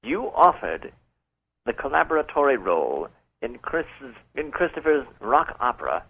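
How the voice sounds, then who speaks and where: A man's voice: mid-range voice, big pitch swings, moderate pace, gravelly, husky, narrow, tinny audio, exaggerated voice. A man playing a pompous caller posing as a rock singer, speaking in a mock-formal, smug, suggestive way on a radio show. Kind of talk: comedic prank call on radio.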